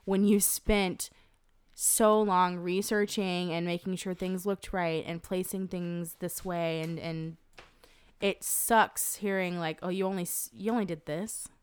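A woman's voice: on the low side, fairly even intonation, a little slow, clean tone. A young woman chatting as a podcast guest, rambling and candid, swearing often. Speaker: podcast guest, web designer. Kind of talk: casual podcast chat.

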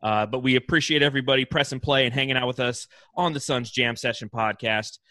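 Guy, podcast host, bright punchy voice, dry close mic, jokey energy. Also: medium pitch, a little fast, no echo. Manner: energetic, joking, hypes the team. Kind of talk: casual sports podcast chat.

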